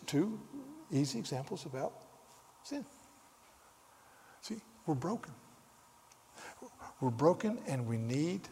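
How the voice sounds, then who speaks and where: An older man from the South, preaching a sermon as a pastor and moving from quiet storytelling asides to loud, emphatic scripture reading. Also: mid-range voice, creaky. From Southern United States. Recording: long reverb of a large hall.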